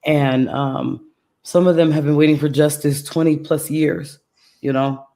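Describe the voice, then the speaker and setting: Woman, calm soothing voice, serene, soft-spoken, casual interview guest. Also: deep voice, measured pace. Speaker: guest podcaster.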